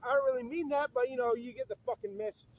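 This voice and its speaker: High-pitched, profane man in his fifties, a bitter outdoor vlog rant at night, muffled dry audio. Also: steady tone, fast talker, no room sound. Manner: profane, bitter, repeats himself. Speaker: vlogger. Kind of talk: angry rant to camera. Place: outdoors at night beside a church.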